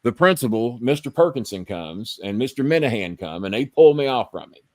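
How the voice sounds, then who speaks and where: A man's voice: mid-range voice, fairly quick, no echo. Guy on his podcast, swearing a lot, rambling through a story, dry close sound. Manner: profane, rambling, animated storyteller. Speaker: podcast host. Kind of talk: casual storytelling on a live stream.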